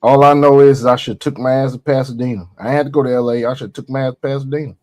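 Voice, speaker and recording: A man's voice: medium pitch, no room sound. A man co-hosting a podcast, reacting and swearing in loose casual banter. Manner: animated, swearing, quick reactions. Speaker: podcast co-host.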